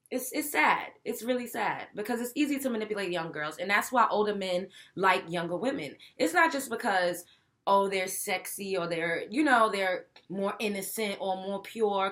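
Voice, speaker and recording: A woman's voice: medium pitch, moderate pace. A young woman, hosting a talk show and giving blunt, profane opinions. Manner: blunt, profane, animated, mimics others. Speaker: show host. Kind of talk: opinionated commentary.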